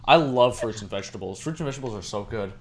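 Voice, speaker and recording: A man's voice: medium pitch, animated, very fast. A man hosting a podcast, chatting casually with wry jokes. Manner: wry, joking. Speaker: podcast host. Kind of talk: casual chat.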